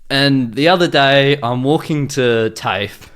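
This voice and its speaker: Man, podcast co-host, goofy rambling storyteller, mid-pitched. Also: takes it slowly, a bit bright, smooth. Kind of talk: casual chat.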